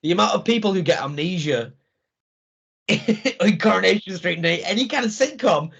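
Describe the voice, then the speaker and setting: A man's voice: high-pitched, expressive, normal speed, gravelly, a bit bright, husky. A man co-hosting a wrestling podcast, talking enthusiastically and laughing as he retells the show. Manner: enthusiastic, laughing, acts out crowd reactions. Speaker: podcast co-host. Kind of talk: casual chat. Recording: dull lo-fi sound.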